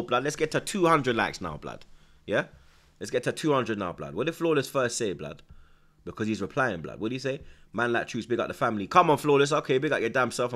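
A man's voice: mid-range voice, sharp tone. A young man hosting a football watchalong stream, reading out viewers' comments and peppering his chat with slang like "blood" and "you get me". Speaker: livestream host.

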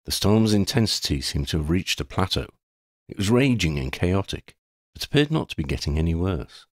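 Deep-voiced man narrating with lively inflection. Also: no echo, clean studio sound. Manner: dramatic, measured reading. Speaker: audiobook reader. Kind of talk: storybook narration.

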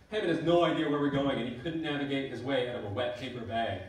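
A man's voice: mid-range voice, fast talker, hardly any pauses. A man, an author, reading his comic aloud at a conference, acting out sound effects. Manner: expressive, acts out sound effects. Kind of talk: animated storybook reading. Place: conference hall. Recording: echoey hall, mic far off.

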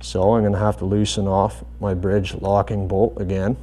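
Calm, dark-voiced man teaching bass setup. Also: normal speed. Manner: calm, methodical, step-by-step. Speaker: bass guitar instructor. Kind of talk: hands-on tutorial explanation.

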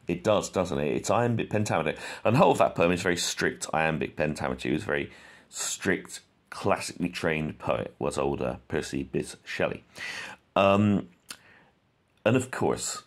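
Man, very low voice, creaky, rambling poetry teacher, lots of ums. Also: animated. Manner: rambling, many fillers, reads verse aloud slowly. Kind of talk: informal spoken lesson.

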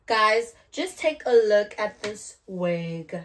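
A young South African woman chatting casually through a hair tutorial, playful and given to loud outbursts. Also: medium pitch, expressive, takes it slowly, few pauses. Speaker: hair vlogger.

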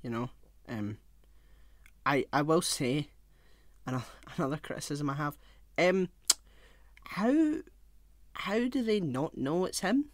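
A man's voice: on the high side, animated, takes it slowly, long pauses, no echo, studio quality. A young man co-hosting a podcast in casual chat, rambling, laughing often and swearing offhandedly. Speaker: podcast co-host.

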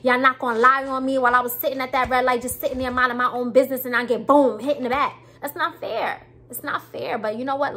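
A woman's voice: fairly high pitch, sharp tone. A woman telling a storytime vlog in a casual, emphatic way, with speech and some preachy repetition. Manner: emphatic, preachy, repeats herself.

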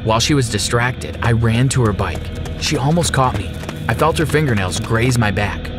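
A man narrating a scripted first-person story for an animated channel, in an expressive, dramatic way. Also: mid-range voice, normal speed, music in the background.

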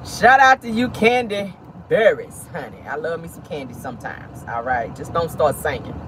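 A man's voice: a little high, animated, moderate pace. A man hosting a casual celebrity gossip vlog in a sassy, dramatic way, calling his listeners honey and baby. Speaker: host. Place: inside a car. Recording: car noise behind the voice.

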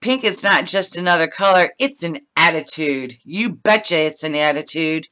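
Gushing bright-voiced woman crafter. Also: low-pitched, expressive, moderate pace. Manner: gushing, chatty, laughs often. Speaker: craft vlogger opening mail. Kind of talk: casual unboxing chat. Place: home craft room.

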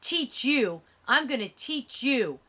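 A woman's voice: medium pitch, slow pace, fairly bright tone. A woman reading the lines of violent, threatening men in an audiobook, with a raised, snarling delivery. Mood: menacing. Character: menacing white men, violent attackers.

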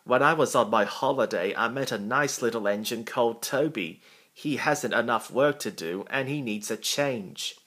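A man reading a storybook aloud and voicing a bustling, kindly railway boss who speaks briskly. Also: medium pitch, pushed and bright.

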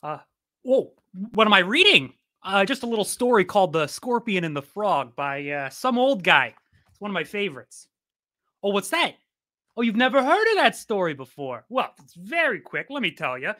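A playful male host with a bright, lively voice that jumps around in pitch. He jokes and tells stories like a showman. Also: moderate pace. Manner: jokey, animated storyteller. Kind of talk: playful online show hosting.

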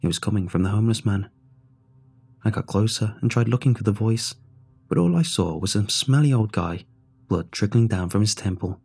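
A man reads a horror story aloud in a steady, measured voice. His tone is low and mellow, with a husky grain. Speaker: narrator. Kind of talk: scripted horror story narration.

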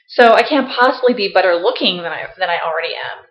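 A woman's voice: mid-range voice, normal speed, few pauses, fairly bright tone. Woman, casual vlog, playful, laptop webcam mic, echoey room. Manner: playful, self-mocking, chatty. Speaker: vlogger. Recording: roomy, slightly dull laptop audio.

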